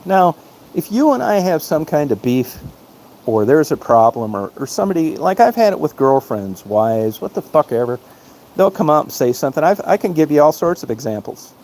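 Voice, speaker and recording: A man's voice: a little high, very animated, normal speed, a little mellow, a little hiss or hum. A man telling a long personal story in a casual monologue, blunt and heavy on swearing, rambling from one anecdote to the next. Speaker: podcast host.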